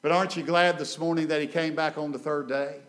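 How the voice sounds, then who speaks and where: A guest preacher, a man with a voice pitched high for a male, gives a sermon from the pulpit of a church sanctuary. He talks fast with fairly even intonation, lurching between loud, ringing lines and hushed ones. He repeats phrases and calls for the congregation to say amen.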